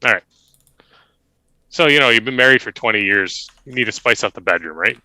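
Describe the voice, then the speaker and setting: A man's voice: medium pitch, lively intonation, brisk, pushed and bright, dry recording. A man who is a podcast guest, chatting casually and easygoing, often laughing.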